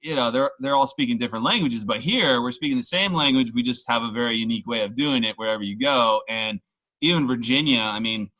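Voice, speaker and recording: A man with a bright, forceful voice talks in a loose, rambling way, full of self-mocking asides. He is from the Washington, D.C. area and hosts a casual, tipsy chat. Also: medium pitch, fast, poor audio.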